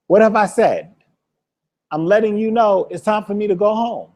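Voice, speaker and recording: During a classroom Hebrew vocabulary lesson, a man with a high, somewhat mellow voice quizzes his student. He drills each word by repeating it slowly and laughs frequently.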